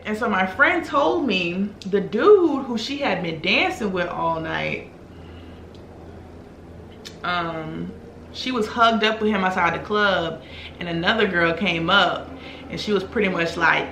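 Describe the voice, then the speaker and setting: A woman's voice: lowish voice, unhurried, a little hiss or hum. A young woman telling a story in a casual, chatty way while doing her makeup. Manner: chatty, animated, acts out quoted voices. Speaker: beauty vlogger. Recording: echoey room.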